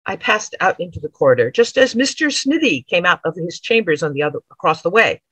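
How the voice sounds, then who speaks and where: Expressive woman reading a story aloud. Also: lowish voice, fairly quick, slightly rough, no room sound, low-quality recording. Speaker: author reading her story. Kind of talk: dramatic reading of period fiction.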